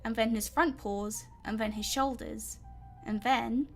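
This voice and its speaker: A woman's voice: on the high side, fairly even intonation, measured pace, soft background music. A woman with a British accent reading a children's story aloud in a chatty way, sometimes tripping over words. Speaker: reader.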